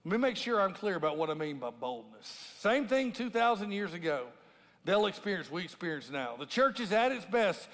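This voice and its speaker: Very animated and high-pitched, with a fairly bright tone and normal speed, a lead pastor gives a conversational sermon to a congregation in a large church auditorium. He repeatedly asks "right?" and acts out scripture in a raised voice, and the large room adds long hall reverb.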